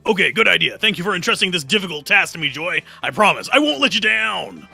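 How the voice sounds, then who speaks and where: A man's voice: sits high, big pitch swings, fast talker, creaky, pushed and bright, slightly rough, soft background music, exaggerated voice. A man reading aloud the lines of an earnest, military-minded female camper in a dating game.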